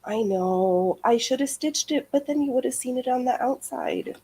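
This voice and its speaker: A woman co-hosting a casual sewing livestream with a husky voice, making dry, blunt remarks. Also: high voice, animated, moderate pace, warm tone, slight background noise. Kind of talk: casual chat while sewing.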